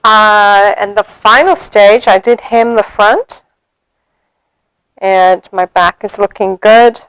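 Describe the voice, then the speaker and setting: A woman walks through a sewing demonstration at an unhurried pace, chatting and thinking aloud as she pins and stitches. Her voice is smooth and clear, recorded close and dry with little room sound. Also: medium pitch, fairly even intonation, fairly bright tone, no echo, low-quality recording. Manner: chatty, thinks aloud while working, frequent ums. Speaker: sewing instructor.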